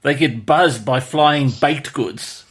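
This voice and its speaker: A man's voice: medium pitch, fairly bright tone. A man co-hosting a casual movie podcast, making wry jokes about a cheesy film. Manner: joking, wry, quick with gags. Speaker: podcast co-host. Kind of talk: casual movie review chat.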